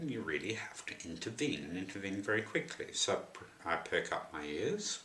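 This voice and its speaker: A man with a low voice tells a personal story to camera, wandering off into dry, wry asides. His tone is bright and forceful despite the depth, and the sound rings around an echoey room.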